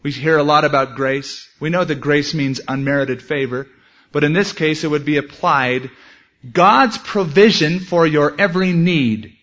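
A man's voice: on the high side, moderate pace, a bit bright. A man preaching a sermon in an earnest way, telling a personal story and quoting scripture and prayers. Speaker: pastor. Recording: dull lo-fi sermon recording.

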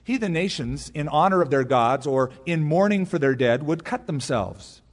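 A man's voice: fairly high pitch, animated, normal speed, in a large hall. A male pastor giving a conversational verse-by-verse Bible teaching, mixing in personal stories, from a church pulpit. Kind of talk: expository sermon. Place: large church sanctuary.

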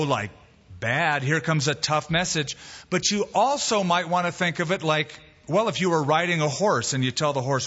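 A pastor preaching an expository sermon, telling a joke story with emphatic, acted quotes. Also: male voice, a little high, animated, unhurried, a bit bright, slightly rough. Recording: dull reverberant hall recording.

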